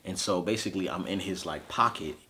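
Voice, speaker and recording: A man in his thirties, a podcast host, telling a personal story of grief in a halting, emotional way with frequent fillers. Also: low-pitched, sharp tone. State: grieving.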